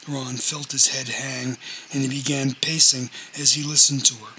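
A man narrating a novel chapter in a steady, measured audiobook reading. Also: mid-range voice, slight background noise, low-quality recording.

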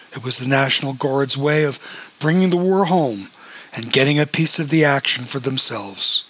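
A man's voice: medium pitch, pushed and bright, husky. A man reading the part of a tired, blunt young man in an audiobook. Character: young man, weary and irritable.

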